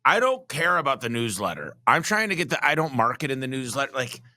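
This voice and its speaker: A man's voice: medium pitch, sing-song, quick pace, bright, forceful tone, no room sound. A man hosting a podcast, talking in a casual, earnest way and passing on anecdotes. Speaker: podcast host.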